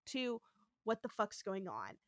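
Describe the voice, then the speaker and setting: A woman's voice: medium pitch, very animated, a little slow, dry recording, clean studio sound. A woman voicing an exasperated male starship captain in a blunt, incredulous way, with swearing, while retelling a story on a podcast.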